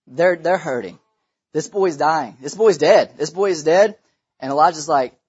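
A man's voice: high voice, moderate pace, slightly rough, lo-fi sound. A man preaching a sermon in a church, impassioned, repeating phrases for emphasis. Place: church sanctuary.

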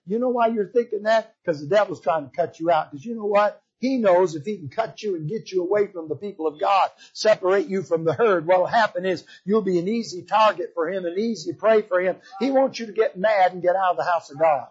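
Husky preacher, high and impassioned. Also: male voice, fairly quick, hardly any pauses, muffled recording. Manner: impassioned, swings from loud emphasis to hushed pleading. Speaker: visiting preacher. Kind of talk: revival sermon from the pulpit. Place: church sanctuary.

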